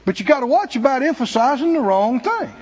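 A man preaching, telling a self-mocking personal story in an animated way. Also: extremely high pitch, a little fast, in a large hall, highs cut off. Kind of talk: testimony sermon. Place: church.

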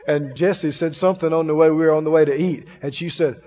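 A man's voice: a little high, steady tone, brisk, mellow, long reverb tail, muffled recording. A male preacher giving a folksy, emphatic sermon, often laughing as he preaches.

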